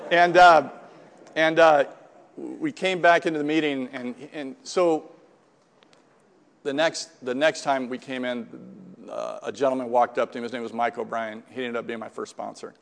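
A man's voice: fairly high pitch, fairly even intonation, normal speed. Older guy in his 60s telling his story at a meeting, keeps restarting and tagging "right?", long hall echo. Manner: rambling storyteller, many restarts and "right?" tags. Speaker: speaker at a recovery meeting. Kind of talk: personal testimony.

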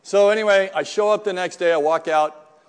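A man's voice: high-pitched, brisk, clean tone, in a large hall. A man in his sixties giving a rambling personal testimony at a recovery meeting, full of restarts and asides. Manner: rambling storyteller, many restarts and "right?" tags.

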